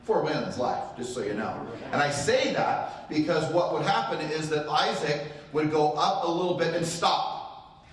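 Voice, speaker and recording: A man's voice: a little high, lively intonation, a little slow, crowd noise. A middle-aged man giving a motivational training talk to a live audience, telling a story and acting out the quotes. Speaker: real estate training speaker. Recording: very echoey room, voice far from mic.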